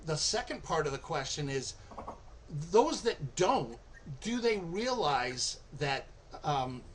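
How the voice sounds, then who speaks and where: Male podcast host, higher voice, very slow and deliberate, faint background noise. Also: very animated. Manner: slow, questioning, thoughtful. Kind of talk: casual podcast chat.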